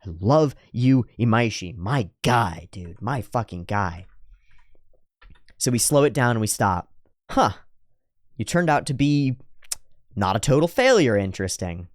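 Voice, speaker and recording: An excitable man runs through an anime episode in casual, swearing-laced commentary. His pitch sits mid-range for a man, and his voice is close and dry with no room sound. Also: a little slow, pauses often, no echo. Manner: excitable and profane, jumps between breakdown and hype. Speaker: anime reaction host.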